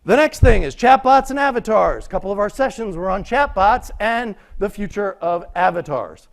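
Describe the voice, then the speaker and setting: A man presents at a conference, using a slightly higher-than-usual voice. He talks in a loose, conversational way and keeps tossing rhetorical questions to the room. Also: lively intonation, moderate pace, vocal fry. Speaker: conference speaker. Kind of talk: conference talk. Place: lecture room.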